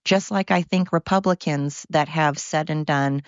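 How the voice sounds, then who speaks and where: A woman's voice: low voice, unhurried, no echo, highs cut off. A woman hosting her own podcast, ranting in a heated, blunt way and swearing freely. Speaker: podcast host. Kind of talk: solo podcast rant.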